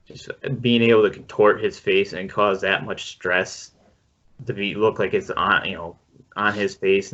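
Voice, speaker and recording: A man hosting a casual podcast, talking in a relaxed, rambling way with some swearing. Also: low voice. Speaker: podcast host leading the film discussion. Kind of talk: casual chat. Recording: dull lo-fi podcast audio.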